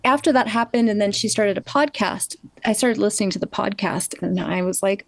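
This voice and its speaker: A woman's voice: medium pitch, fairly quick, gravelly, no room sound. A woman chatting as a guest on a video call, talking in a Valley girl way, saying like a lot and laughing easily. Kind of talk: casual video-call chat.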